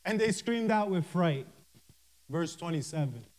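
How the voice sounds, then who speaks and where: High-voiced, slow-preaching male minister. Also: lively intonation, a little mellow. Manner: reads scripture verse by verse with emphatic pauses; fervent, interjects hallelujah and praise God. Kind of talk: sermon.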